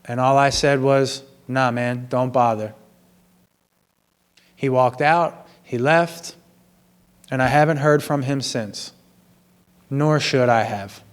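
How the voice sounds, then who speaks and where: Earnest, apologetic man, mid-pitched. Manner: earnest, apologetic, slow and measured. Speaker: vlogger sharing personal confessions. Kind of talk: reflective personal monologue. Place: gym.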